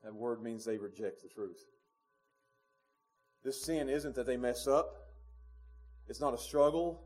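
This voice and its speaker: A man, preaching a sermon in a church, moving between quiet low passages and loud emphatic peaks with chuckles. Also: measured pace, soft background music. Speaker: pastor. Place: church sanctuary.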